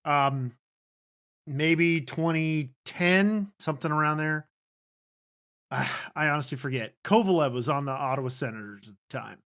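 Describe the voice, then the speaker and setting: A man's voice: on the high side, a little slow. Upbeat man telling a hockey story. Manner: animated storyteller, laughs often. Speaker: podcast host. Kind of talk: casual chat among friends.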